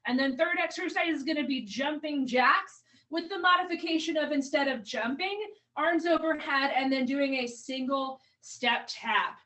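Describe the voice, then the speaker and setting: Counting down reps and calling out moves, a female coach runs a live online workout, a little winded as she goes. She sounds high, pushed, and bright at a moderate pace, captured on a distant mic in a low-quality recording.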